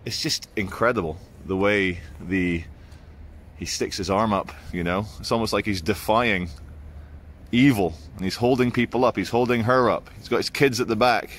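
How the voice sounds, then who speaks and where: A man filming a casual walking vlog on city streets outdoors at dawn with a handheld phone, telling stories in an animated, chatty way. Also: on the low side, moderate pace, a little hiss or hum. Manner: chatty, animated storytelling with quoted voices. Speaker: vlogger. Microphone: handheld phone camera.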